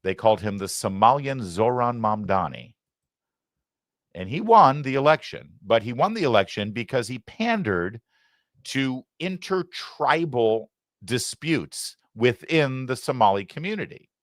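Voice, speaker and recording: Animated, indignant male talk host. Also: lowish voice, dry recording, studio quality. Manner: sarcastic, indignant, emphatic. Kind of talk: political commentary.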